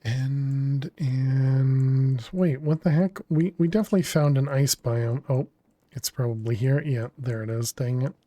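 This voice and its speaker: A man streams a game in an unhurried, chatty way, musing over his moves and answering viewers between laughs. His voice is mellow and low-key at an ordinary pitch, recorded close and dry. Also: dry recording. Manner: chatty, thinks aloud and answers chat messages; laughs often, relaxed and unhurried. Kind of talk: casual gaming livestream commentary.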